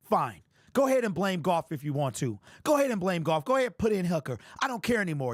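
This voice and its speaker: A man hosting a sports fan livestream, tired and emotional, his frustrated talk rising into shouted rants. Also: sits high, big pitch swings, fast talker, no echo, clean studio sound.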